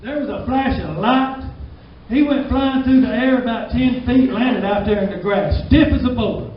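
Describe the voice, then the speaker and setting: A man's voice: extremely high pitch, moderate pace, a little hiss or hum. A man with a Southern US drawl doing a stand-up comedy set in a small club, laughing at his own jokes. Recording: distant, dull, echoey club recording.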